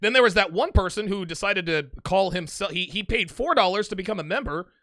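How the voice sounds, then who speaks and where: A man's voice: high-pitched, expressive, a little fast, pushed and bright, no room sound, clean studio sound. A man hosting a live call-in stream, reading super chats in a brash, emphatic way and repeating himself. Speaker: livestream host reading super chats and taking calls. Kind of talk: casual live show chat.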